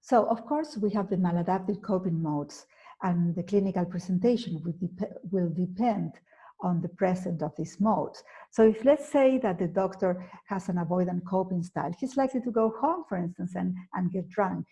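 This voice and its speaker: A native Spanish-speaking woman with an Argentine accent presents a therapy lecture in a measured, careful way. Her voice is dark and husky with a gravelly edge. She pauses on fillers and corrects herself as she goes. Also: lowish voice, rough recording. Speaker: psychotherapist presenting at a conference.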